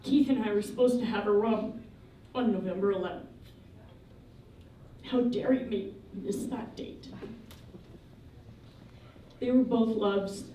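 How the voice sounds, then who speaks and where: A woman speaks at a memorial service, telling funny anecdotes in a lively, humorous way. Her voice is mellow and somewhat distant from the mic. It rings out in a strongly echoing hall with faint ambience behind. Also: medium pitch, slow pace, pauses often, a little hiss or hum. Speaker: eulogy speaker.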